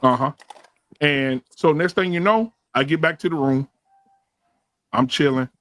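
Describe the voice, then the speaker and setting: A man telling a profane story in casual chat, acting out quotes loudly. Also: a little high, a little slow. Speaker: podcast co-host.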